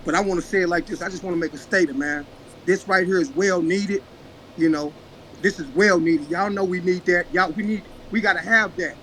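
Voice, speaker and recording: A man's voice: high voice, fairly even intonation, a little fast, bright, forceful tone, a little hiss or hum, poor audio. Impassioned man in his fifties. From Oklahoma, USA. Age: 50s. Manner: impassioned, emotional. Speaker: caller. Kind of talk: casual chat.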